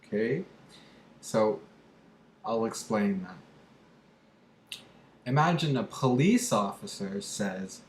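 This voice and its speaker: A man explains English grammar in a slow, measured way, pausing often and leaning on fillers as he talks. His voice sits at an ordinary pitch. It sounds roomy and echoey, with a faint hiss of noise behind it. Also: lively intonation. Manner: slow and deliberate, with many pauses and fillers; acts out example sentences with a raised pitch. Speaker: English teacher.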